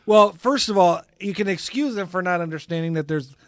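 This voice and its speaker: Deadpan podcast co-host, high voice. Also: male voice, fairly quick, dry recording, clean studio sound. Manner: deadpan, sardonic. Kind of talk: casual chat.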